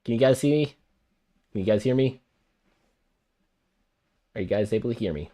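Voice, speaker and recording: Animated chatty male streamer. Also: medium pitch, normal speed. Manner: chatty, flustered, repeats himself. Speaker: streamer playing a visual novel. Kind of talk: live game stream, reading aloud.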